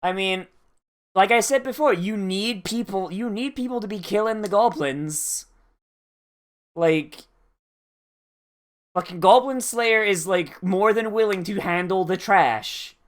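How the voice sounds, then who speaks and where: Casual anime reaction vlogger, profane, sarcastic, quick to laugh. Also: medium pitch.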